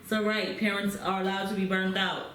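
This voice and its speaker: A woman's voice: medium pitch, level tone, brisk, fairly bright tone. A woman with a mid-range voice co-hosts a casual podcast chat, blunt and full of slang. Her voice sits in a roomy space with faint background noise. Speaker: podcast co-host.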